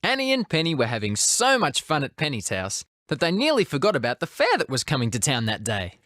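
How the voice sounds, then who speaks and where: A narrator reading a children's storybook with lively expression. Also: medium pitch, a little fast, no room sound, clean studio sound.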